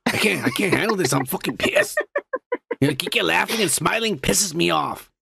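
Gravelly, grumbling podcast co-host man. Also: sits high, animated, moderate pace, pushed and bright, a little hiss or hum. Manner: profane, grumbling, mock-angry. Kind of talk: crude drunk casual chat.

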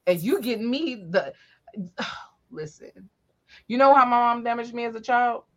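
A woman telling animated, profane stories from her youth in a casual chat. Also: on the high side, normal speed. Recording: dull lo-fi audio.

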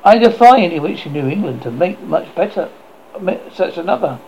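Old witch woman, cackling and doting, put on by a male reader; gravelly, sharp, swooping pitch. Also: sing-song, brisk. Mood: gleeful. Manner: sharp high tone. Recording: dull lo-fi with faint noise.

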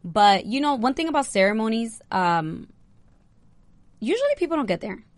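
A young woman, a bride, chatting casually and telling an animated story with lots of "like". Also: a little high, moderate pace, no echo. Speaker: bride recounting her wedding. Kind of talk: casual chat.

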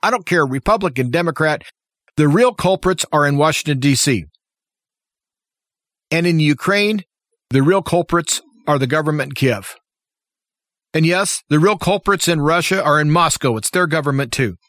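A man delivers a fiery political commentary monologue, firing off rhetorical questions one after another. His voice sits a little on the high side for a man. The sound is close and dry, with no room around it. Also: expressive, normal speed, long pauses, fairly bright tone, dry recording. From United States. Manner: impassioned, opinionated, full of rhetorical questions. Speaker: talk show host.

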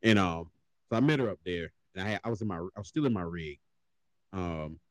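A deep-voiced man talks in a laid-back, casual way, mostly with short comments, then eases into his own slow story. The sound is close and completely dry. He never pushes his voice. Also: expressive, no room sound. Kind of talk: casual chat.

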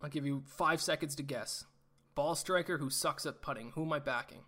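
A man's voice: fairly high pitch, fairly quick, bright, forceful tone. A man hosting a casual sports betting show, reeling off stats and picks in a chatty, self-deprecating way. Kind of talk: casual betting podcast talk.

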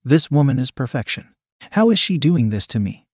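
A man's voice: medium pitch, very animated, moderate pace, slightly rough, dry recording, clean studio sound. A man voicing an eager, overwhelmed young man in a storybook reading, talking breathless and eager.

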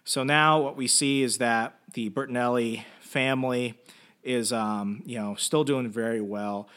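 A man's voice: mid-range voice, fairly even intonation, unhurried, fairly bright tone. A man hosting a comic book podcast, retelling and reviewing an issue in a casual, chatty way full of fillers and asides.

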